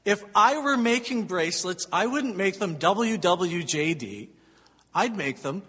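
A man's voice: high-pitched, animated, measured pace, bright, forceful tone. A man preaching a sermon as pastor, emphatic and conversational, asking the congregation rhetorical questions. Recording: long hall reverb.

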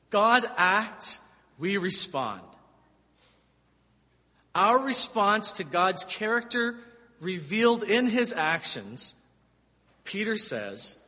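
A man's voice: high-pitched, bright, forceful tone. A man preaching a sermon as pastor, emphatic and conversational, asking the congregation rhetorical questions. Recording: long hall reverb.

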